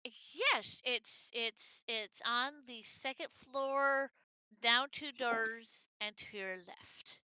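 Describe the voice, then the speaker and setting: A woman's voice: a little high, very slow, sharp tone, clean tone, no room sound, full character voice. A woman voicing a gracious manor owner who politely welcomes guests into his home. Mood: welcoming. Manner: polite and accommodating.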